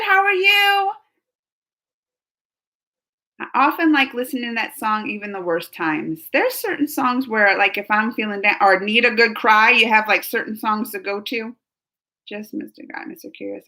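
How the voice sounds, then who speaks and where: A woman's voice: mid-range voice, normal speed, creaky, bright, forceful tone. A woman streamer chatting casually with her viewers, reading chat comments aloud and laughing often.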